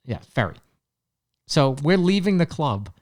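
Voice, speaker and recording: A man's voice: fairly high pitch, big pitch swings, a little slow. A man co-hosting a podcast, telling long rambling stories and acting out the people he quotes. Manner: rambling storyteller, acts out quotes. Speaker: podcast co-host. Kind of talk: casual chat.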